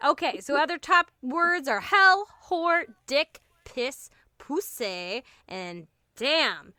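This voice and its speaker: A woman's voice: high voice, lively intonation, slow pace, pushed and bright, dry recording, studio quality. A woman co-hosting a casual comedy podcast, playful and jokey, laughing often and swearing freely. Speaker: podcast co-host.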